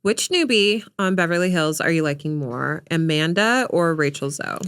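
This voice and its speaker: A woman with a bright, sharp tone chats on a podcast, and her pitch moves a lot. She steers the talk with questions and agrees easily. The recording is dry and close. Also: expressive, normal speed, smooth, no echo. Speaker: podcast guest. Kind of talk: casual gossip chat.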